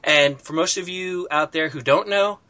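A man's voice: fairly high pitch, moderate pace, bright, forceful tone. A man co-hosting a casual podcast chat, laid-back and giggly with crude jokes. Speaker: podcast co-host. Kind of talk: casual chat among friends. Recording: muffled lo-fi call audio.

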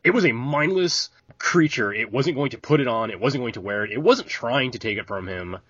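A man co-hosting a podcast, making dry, sardonic remarks about a film in a husky voice. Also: medium pitch, animated, brisk, fairly bright tone, no room sound, muffled recording. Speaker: podcast co-host. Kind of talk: casual film discussion.

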